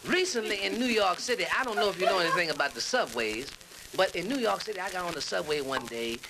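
A man's voice: sits high, lively intonation, quick pace. A male comedian telling a storytelling routine in jive slang, on a crackly old record.

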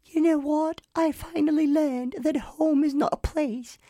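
A man voicing an earnest young British boy from an animated film, speaking in a sweet, slow, sappy way with a British accent. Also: extremely high pitch, no room sound, studio quality, voice pushed up.

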